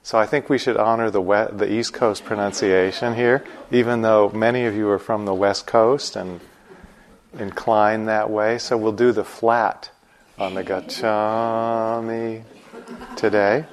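A man guiding a meditation group before chanting, explaining patiently with gentle humor. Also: lowish voice, fairly even intonation, measured pace. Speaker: meditation teacher.

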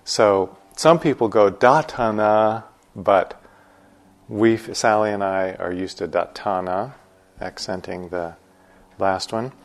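A man guiding a meditation group before chanting, explaining patiently with gentle humor. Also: sits low, takes it slowly. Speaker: meditation teacher.

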